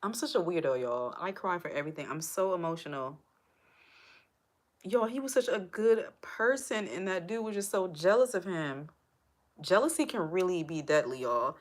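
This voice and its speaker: A woman talks straight to her livestream viewers in a chatty, emotional way. Her voice sits a little low, and she sounds close to tears. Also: animated, moderate pace. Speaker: livestream host. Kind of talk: casual livestream chat.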